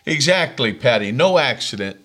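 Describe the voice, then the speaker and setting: A man's voice: medium pitch, animated, fairly bright tone. An older man, a minister, preaching and chatting with viewers on a live stream. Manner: slow, gravelly, reads out viewers' names.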